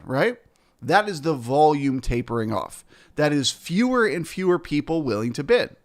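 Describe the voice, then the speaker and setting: A man's voice: fairly high pitch, very animated, normal speed. A man teaching as a futures trader, explaining the market through rhetorical questions and frequent "right?" and "okay?" check-ins. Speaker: futures trader and trading educator.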